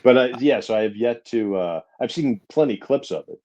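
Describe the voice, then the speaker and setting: A man's voice: medium pitch, lively intonation, moderate pace, warm tone, dull audio. A man co-hosting a podcast in casual chat, rambling and searching for words.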